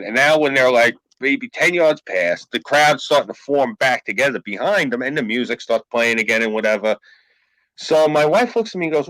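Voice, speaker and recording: A man's voice: mid-range voice, dry recording, rough recording. A man hosting a podcast, telling a story in a casual, profane way. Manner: profane, animated anecdote-telling. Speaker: podcast host.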